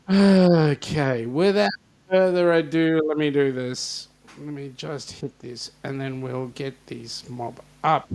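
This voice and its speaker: A man's voice: fairly high pitch, slow pace, darkish tone. An Australian man hosting a casual live-stream chat, joking and greeting viewers by name. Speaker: host.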